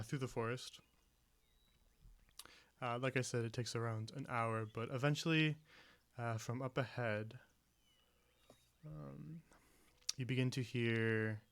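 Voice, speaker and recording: A man narrating as game master of a tabletop game, relaxed with frequent ums. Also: mid-range voice, smooth. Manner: relaxed, hesitant, many ums.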